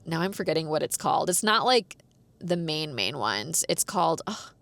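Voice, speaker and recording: Podcast host, young woman, chatty storyteller with a gravelly low voice, dry close sound. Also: big pitch swings, moderate pace, a bit bright, no room sound. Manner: chatty, says "like" a lot, laughs often. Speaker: podcast host and dance teacher. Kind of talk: casual storytelling.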